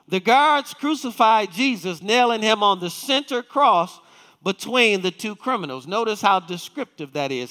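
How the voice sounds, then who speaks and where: A man's voice: high voice, fairly bright tone, clean tone, in a large hall. A male pastor preaching a sermon, reading scripture and asking the congregation questions. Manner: reads scripture aloud with emphatic, slowed quotes. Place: church sanctuary.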